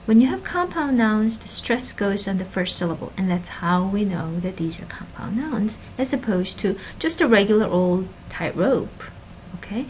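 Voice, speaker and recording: A woman gives a linguistics lecture at a middle pitch, leaning hard on example words and then slipping into soft asides. Her voice has a faint hum of room noise behind it. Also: normal speed, few pauses, low-quality recording. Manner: animated teacher, stresses example words, drops to soft asides. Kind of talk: recorded classroom lecture.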